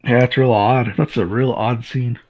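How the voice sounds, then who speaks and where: A man's voice: medium pitch, steady tone, normal speed, darkish tone. A man co-hosting a casual film review chat, in a laid-back way that agrees and adds scene details. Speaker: co-host.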